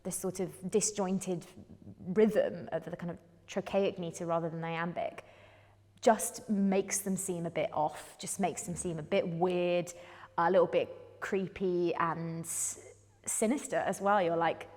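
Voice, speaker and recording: A British actress talks through her ideas in a reflective, lively way. Her voice is slightly low and rings out in a reverberant hall. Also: a little slow. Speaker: actor. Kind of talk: discussing a play.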